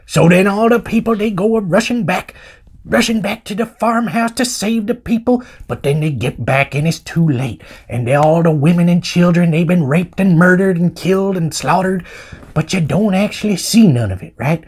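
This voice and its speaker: A man's voice: high voice, moderate pace, darkish tone, slightly rough. A man giving a casual movie review in rambling, slangy, joking talk. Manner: rambling, slangy, jokey vernacular.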